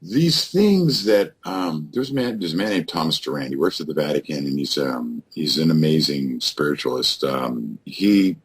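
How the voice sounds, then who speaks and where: A man with a very low, husky voice tells his paranormal story as a radio guest. His delivery is animated and swings widely in pitch, and he rambles with many "um"s and restarts. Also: normal speed, few pauses.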